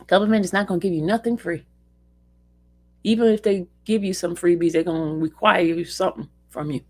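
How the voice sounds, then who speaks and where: A woman's voice: lowish voice, fairly even intonation, a little fast, darkish tone. A woman hosting a casual livestream, talking expressively and fondly to her viewers and her dog. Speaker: livestream host.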